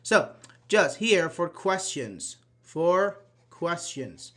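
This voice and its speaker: Guy teaching grammar online, slightly high voice, patient, lots of uh-huhs. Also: big pitch swings, drawn-out words, fairly bright tone. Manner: explains patiently, acts out example sentences, many "uh-huh"s. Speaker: English teacher.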